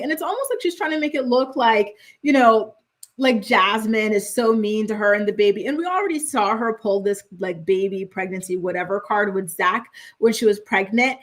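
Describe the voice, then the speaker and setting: A woman's voice: a little high, normal speed. A young woman hosting a chatty, opinionated reality TV recap, with exasperated asides. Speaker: host.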